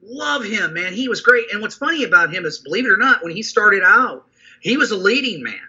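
A man in his fifties chatting about movies as a podcast guest, telling animated stories, swearing freely and calling people man and dude. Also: sits high, a little fast, slightly rough. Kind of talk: casual chat about movies. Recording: dull lo-fi sound.

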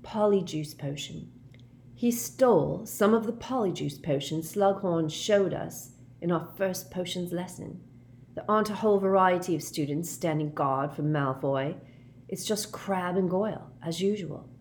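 A woman voicing an eager, determined teenage boy wizard who reasons out loud with quick excitement. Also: lowish voice, a little hiss or hum. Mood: excited. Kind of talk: audiobook character voice.

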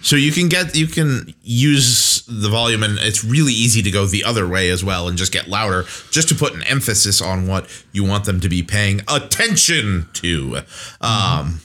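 A man with a lowish but bright, forward voice, chatting casually on a podcast. He tells anecdotes from tabletop game nights. He slips in short character voices to show his points. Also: lively intonation, moderate pace. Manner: storytelling, acts out short voices. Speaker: podcast co-host. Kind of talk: casual tabletop gaming chat.

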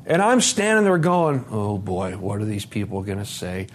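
A man in his forties giving a recovery testimony at a conference, storytelling in a lively, profane way, swinging from loud to soft. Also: fairly low pitch, normal speed. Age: 40s. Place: conference hall talk.

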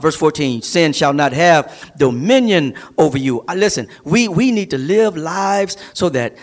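Animated high-voiced man preaching. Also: normal speed, few pauses. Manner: preaching with rising, emphatic repetition. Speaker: pastor. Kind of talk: sermon.

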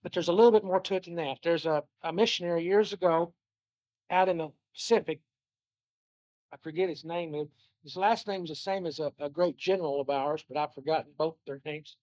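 A man's voice: on the high side, darkish tone, no room sound. Earnest preacher man, lo-fi. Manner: earnest, repeats phrases, slows down to stress scripture. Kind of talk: sermon. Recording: dull lo-fi dry recording.

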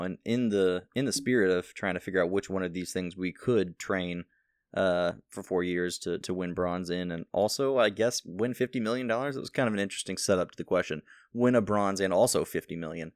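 A man co-hosting a casual podcast, talking in a relaxed way and giving shout-outs. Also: low voice, fairly quick, clear, resonant tone, no echo, clean studio sound. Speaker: podcast co-host. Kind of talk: casual chat.

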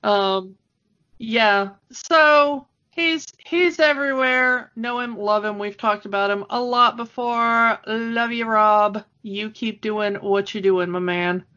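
A woman's voice: fairly high pitch, slow pace, sharp tone. A woman in her thirties co-hosting a podcast, chatting casually and laughing often. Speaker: podcast co-host. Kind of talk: casual chat. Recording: dull lo-fi sound.

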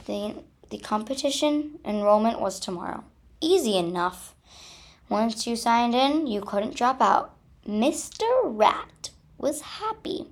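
A woman reading a children's story aloud and closing her channel video, with expressive, dramatic delivery. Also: a little high, measured pace.

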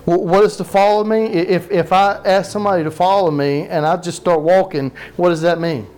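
A pastor giving a sermon to a live congregation, preaching conversationally, asking the people questions, repeating phrases for emphasis and dropping in joking asides. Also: male voice, high-pitched, fairly even intonation, brisk, a little mellow. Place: church sanctuary with live congregation.

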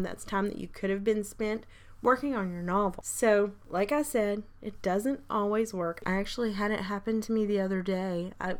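A woman with a croaky voice hosting a casual solo podcast, chatty and rambling, with frequent light laughs and audible intakes of breath. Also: medium pitch. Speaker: podcast host.

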